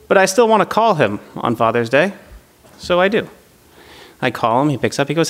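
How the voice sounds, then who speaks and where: A man's voice: a little high, expressive, normal speed. A young man doing stand-up, telling a family story in a wry way and chuckling at his own jokes. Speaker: stand-up comedian.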